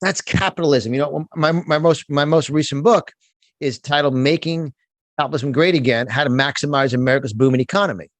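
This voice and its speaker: A man's voice: fairly high pitch, brisk, no room sound. Middle-aged new york guy, wound up and emphatic, keeps restarting, dry close sound. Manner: emphatic and fired up, frequent repeated restarts. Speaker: guest, motivational speaker and business coach. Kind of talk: passionate conversational interview.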